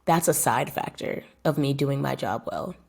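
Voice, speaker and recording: A young woman with a low voice and a gravelly, fry-laced edge tells a casual vlog story. She talks straight to her viewers in a chatty way and drives points home by repeating phrases. She speaks as a footballer describing her own career. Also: moderate pace. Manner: emphatic, repeats phrases for effect; addresses viewers directly and chattily.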